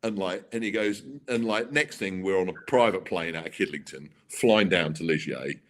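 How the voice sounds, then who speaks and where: A middle-aged man, a racing car designer, telling stories in an interview with halting restarts and acted-out quotes. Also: sits low, slight background noise. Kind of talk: animated storytelling interview.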